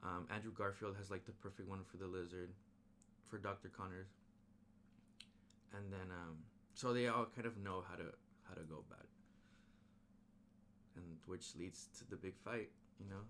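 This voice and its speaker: A young man recapping a film in a casual, excited ramble, full of slang and fillers. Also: deep voice, moderate pace, pauses often, slight background noise. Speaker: movie reviewer.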